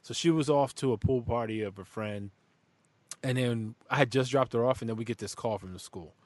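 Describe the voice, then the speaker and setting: A man's voice: mid-range voice, a little fast, no echo. Profane, rambling man, dry sound. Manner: rambling, profane, animated storytelling. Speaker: podcast host and father. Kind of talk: casual chat.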